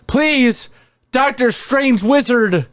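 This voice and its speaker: A man's voice: very high voice, extremely slow, clean tone, no echo, clean studio sound, voice pushed up, full character voice. A man voicing a whiny, pleading teenage boy hero in a casual movie recap.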